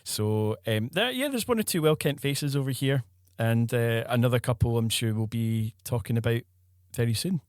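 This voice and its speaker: A Scottish man in his thirties, a podcast guest, telling stories in a relaxed way with plenty of fillers. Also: mid-range voice, moderate pace, dry recording, studio quality. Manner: relaxed storytelling with many fillers. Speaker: guest, football filmmaker. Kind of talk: casual podcast chat.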